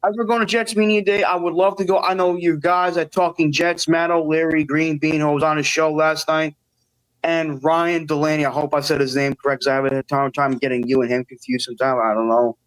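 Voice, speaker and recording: Guy calling in, rambly and earnest, kinda high voice, dry close sound. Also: little pitch movement, brisk, dry recording, rough recording. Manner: earnest, rambling, self-deprecating. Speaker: caller. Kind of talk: call-in chat.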